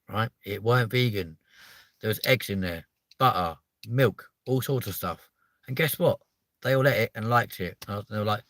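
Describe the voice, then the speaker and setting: Sweary rambling Englishman, bright dry voice. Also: fairly low pitch, moderate pace, no room sound. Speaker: live stream host. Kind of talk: casual live stream chat.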